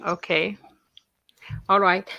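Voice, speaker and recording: A woman's voice: on the low side, flat delivery, slow pace, pushed and bright, lo-fi sound. A woman teaching a French class online, explaining instructions patiently and checking in with her students.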